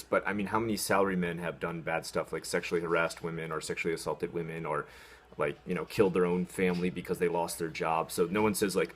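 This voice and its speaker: A man's voice: deep voice, steady tone, quick pace, fairly bright tone. An American man ranting sarcastically about an article in a casual vlog, with a lot of ums and restarts. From United States. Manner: sarcastic, mocking, talks in spurts with fillers. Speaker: video host reacting to an article.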